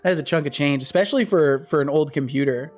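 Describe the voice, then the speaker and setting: A man's voice: a little high, fast, faint music behind. Man thinking aloud while coding. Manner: thinks aloud, repeats and restarts phrases. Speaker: streamer and game developer.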